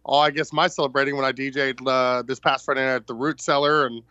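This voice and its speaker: Easygoing male radio co-host, bright dry voice, slightly dull audio. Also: mid-range voice, fairly even intonation, quick pace, no echo. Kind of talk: casual radio chat.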